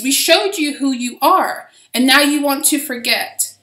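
A woman's voice: high-pitched, measured pace, bright, forceful tone. A woman giving a casual spiritual reading, talking in a rambling, profane way with frequent restarts. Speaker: spiritual reader. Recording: roomy echo.

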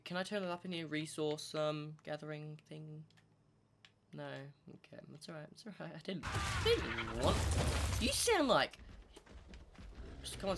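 A gaming channel host, chatting through gameplay commentary and talking to the animals in the game. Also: mid-range voice. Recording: steady background noise.

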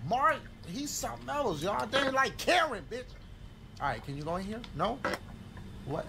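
Brief: animated man, loud and profane game commentary, lively pitch swings. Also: moderate pace, gravelly, a crowd in the background. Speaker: gamer playing a horror game. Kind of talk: casual let's play commentary.

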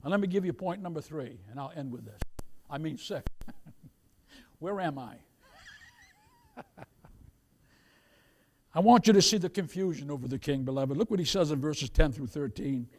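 A male pastor preaching a sermon, calling his listeners "beloved" and swinging from loud emphasis to hushed asides. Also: on the high side, lively intonation, moderate pace, pauses often.

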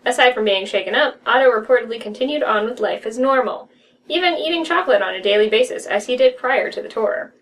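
A young woman reading a horror story aloud with a friend, giggly and quick to riff on jokes. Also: fairly high pitch, expressive, a bit bright, distant mic, rough recording. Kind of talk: casual reading and chatty reactions. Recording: voice a bit off-mic.

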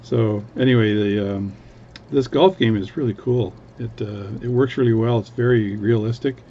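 A man's voice: on the low side, fairly even intonation, normal speed, highs cut off, slight background noise. A man from Canada, a watchmaker, chatting casually at his workbench in a rambling, self-interrupting way. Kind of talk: casual chat.

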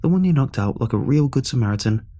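A man's voice: mid-range voice, expressive, fast talker, dark tone, pitched above the performer's own voice, close to an everyday voice. A man voicing a chirpy, mocking young man trapped inside a beer can, who taunts and bosses the listener with sarcasm. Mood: bossy. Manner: taunting and bossy, snapping sarcastically.

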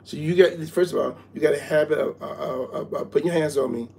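A man's voice: on the high side, fairly even intonation, fast, gravelly, a little mellow. A man in a comedy skit, stammering and repeating words as he launches into profane rants.

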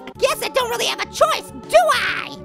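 A man voicing a tiny, cocky boy apple in a cartoon gaming video, trash-talking in a squeaky, gravelly high voice with slangy rhymes. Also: sing-song, brisk, fairly bright tone, exaggerated voice. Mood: playful. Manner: brash, jokey trash talk with slangy rhymes. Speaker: game-playing cartoon character. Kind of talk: let's-play commentary in character. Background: game music.

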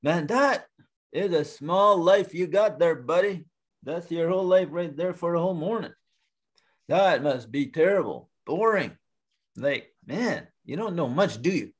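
A man voicing a boastful male bear who mocks and teases loudly, in an oral storytelling. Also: fairly high pitch, animated, a little slow, slightly rough, voice pushed up. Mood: mocking. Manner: teasing, loud, laughing at others. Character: boastful mocking male bear, fast and proud.

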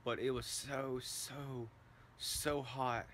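A man's voice: medium pitch, level tone, very slow, fairly bright tone, a little hiss or hum. A man vlogging casually to his viewers, exclaiming and repeating himself as he talks. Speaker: vlogger doing a food challenge. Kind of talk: casual vlog talk to camera.

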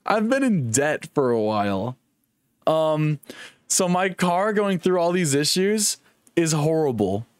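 Young male streamer, casual rambling gamer chat, jokey and sweary, a bit high, very animated. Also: slow pace, clean tone, no room sound.

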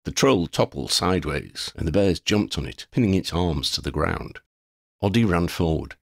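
A man reading a fan fiction chapter aloud as an audiobook narrator, with expressive storytelling. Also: low-pitched, moderate pace, vocal fry, no echo, studio quality.

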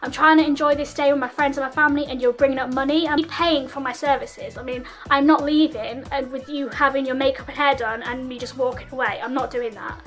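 A woman's voice: sits high, fairly even intonation, a little fast, hardly any pauses, a bit bright, faint music behind. A woman quoting a flustered bride who keeps putting off paying. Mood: evasive.

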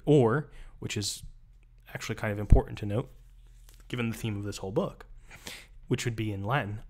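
A man's voice: lowish voice, a little fast, darkish tone. A man, a rhetoric professor, doing a live-streamed close reading, reading passages aloud and breaking off into wry, chatty asides.

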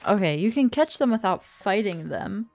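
A woman's voice: mid-range voice, expressive, moderate pace, dry recording, faint music behind. A woman giving gameplay commentary, talking to herself and gasping and exclaiming at what happens on screen. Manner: talks to herself, gasps and exclaims at the game. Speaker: gaming streamer. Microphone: dynamic studio microphone.

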